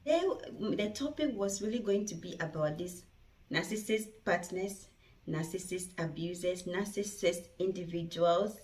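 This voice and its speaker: A woman's voice: lowish voice, unhurried, darkish tone, echoey room, recorded from a distance. Earnest woman host speaking off-mic. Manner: earnest, repetitive, speaks to viewers directly. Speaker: channel host reacting to a video. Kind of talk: casual commentary.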